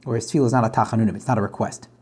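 A man's voice: lowish voice, steady tone, rapid-fire, a little mellow, slightly rough. A man teaching a Talmud class casually, reading each line and explaining it in plain talk with frequent restarts and asides. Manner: translates line by line, restarts phrases, conversational asides.

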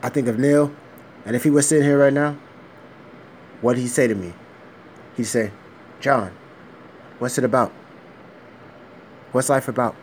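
A man's voice: medium pitch, steady tone, measured pace, pauses often, slight background noise, pitched above the performer's own voice, close to an everyday voice. A man reading a script aloud as a tough older mafia boss who lectures emphatically about loyalty and rules. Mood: stern lecturing.

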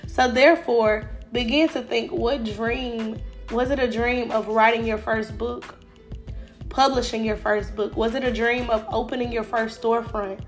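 A woman talks through a faith-based motivational podcast, her fairly high voice stuffy from a cold. She speaks casually and encouragingly, leaning on fillers. Faint music plays underneath. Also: steady tone, measured pace. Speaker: podcast host.

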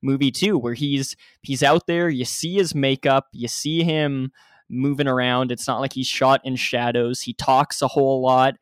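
A man's voice: mid-range voice, steady tone, moderate pace, clear, resonant tone, dry recording, studio quality. A man co-hosting a casual movie review chat, thoughtful and rambling. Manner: thoughtful, rambling, many fillers. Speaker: podcast co-host.

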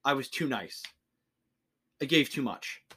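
A man's voice: medium pitch, expressive, a little slow, pushed and bright, husky. A young man co-hosting a podcast, chatting casually and ranting with plenty of swearing. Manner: profane, ranting. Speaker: podcast co-host. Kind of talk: casual chat.

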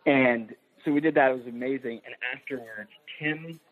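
A man's voice: mid-range voice, moderate pace. A man, a film producer guest on a podcast, telling a story with enthusiasm and laughter in casual chat. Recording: tinny phone-like line.

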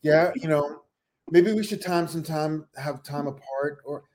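A man's voice: on the high side, measured pace. A man co-hosting a casual reality TV recap, talking animatedly and acting out what people said, with some swearing. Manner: animated, acts out quotes, swears. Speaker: podcast co-host.

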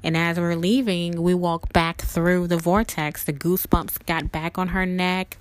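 A woman telling a personal story in an emotional, earnest, halting way. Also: lowish voice, flat delivery, clean tone, no echo. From family roots in Louisiana.

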